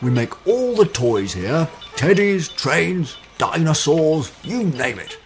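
A man voicing a jolly, proud old Father Christmas in a storybook reading, slow, hearty and theatrical with a gravelly edge. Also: fairly high pitch, very animated, faint music behind, voice pushed up, exaggerated voice.

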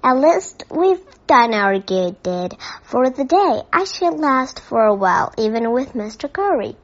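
A woman voicing a cheerful, sensible young girl in a read-aloud storybook, bright and reassuring, on a dull recording. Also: a little high, big pitch swings, unhurried, voice pushed up. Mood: lively.

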